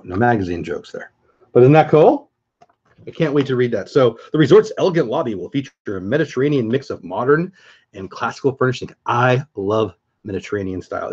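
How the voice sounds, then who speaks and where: A man's voice: medium pitch, a little mellow, dull audio. Chatty enthusiastic man on a livestream. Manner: chatty, enthusiastic, greets chat viewers by name. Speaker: vlogger hosting a livestream. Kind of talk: casual livestream chat.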